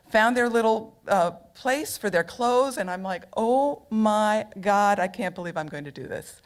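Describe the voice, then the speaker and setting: A middle-aged woman telling a personal story on stage at a local storytelling event, humorous and chatty, full of asides. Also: fairly low pitch.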